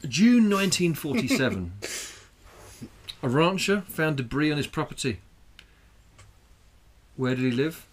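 This man's voice sits a little high, and he's very animated yet unhurried, leaving long pauses. He co-hosts a comedy podcast over drinks, rambling, swearing plenty and laughing at his own jokes in a crude, casual chat.

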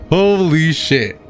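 A man streaming a game, commentating with excitement, often gasping and shouting at the creatures on screen. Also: on the high side. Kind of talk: excited let's-play commentary.

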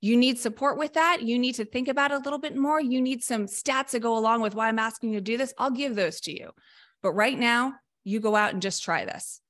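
Energetic, emphatic woman coach explaining. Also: on the high side, fairly quick. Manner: energetic and emphatic, often acting out short coaching lines. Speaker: mental performance coach. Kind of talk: explaining coaching methods in a podcast discussion.

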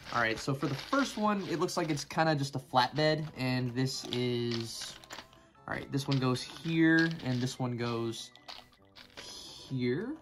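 A man's voice: medium pitch, moderate pace, music in the background. Rambling man narrating a toy build. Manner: rambling, joking, easily sidetracked. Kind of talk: casual build commentary.

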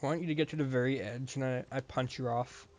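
A young man playing a video game with friends, playful and given to loud outbursts. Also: medium pitch, steady tone, fast, no room sound. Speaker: let's play gamer. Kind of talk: casual gaming banter.

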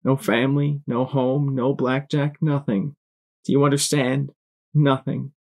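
A man's voice: mid-range voice, level tone, unhurried, darkish tone, pitched above the performer's own voice. A man voicing a grieving young pony mare who pleads in despair.

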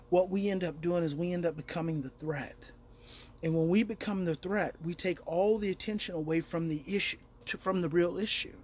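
Middle-aged guy, kinda high voice, ranting casually about parenting, emphatic and laughing a lot. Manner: animated, emphatic, laughs often. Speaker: parenting educator. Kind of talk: casual monologue to camera.

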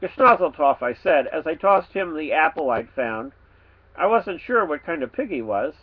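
A man's voice: fairly high pitch, moderate pace, slightly rough, phone-quality sound. Man reading a children's book aloud. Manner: playful, expressive reading with animal sounds. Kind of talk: storybook read-aloud.

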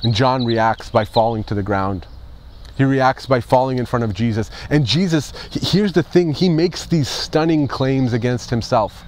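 A man's voice: mid-range voice, normal speed, darkish tone, slight background noise. A male pastor delivering an Easter sermon, emphatic, with rhetorical questions and repeated phrases.

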